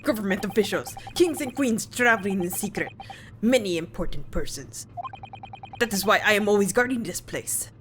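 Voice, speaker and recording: A woman's voice: medium pitch, expressive, normal speed, a bit bright, soft background music, lightly acted. A woman voicing a curt, hostile male ship guard in a put-on Russian accent and broken English, reading game dialogue aloud. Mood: boastful.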